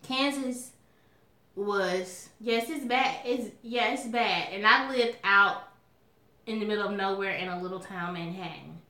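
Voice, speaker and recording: A woman's voice: medium pitch, a little slow. Sassy Southern woman chatting in echoey room. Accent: Southern US (Alabama). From Alabama, US South. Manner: chatty, sassy, animated, calls viewers y'all. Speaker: mukbang vlogger. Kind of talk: casual chat to viewers.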